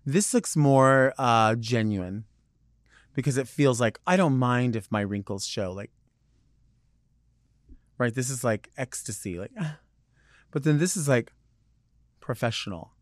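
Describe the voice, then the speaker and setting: A male podcast host talks on his own in a loose, wandering monologue, hopping from one thought to the next with plenty of fillers. His voice sits at a middling pitch for a man. The recording is dry and close, with no room echo. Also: expressive, slow, pauses often. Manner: rambling, digressive, chatty with many "like"s. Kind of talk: casual solo monologue.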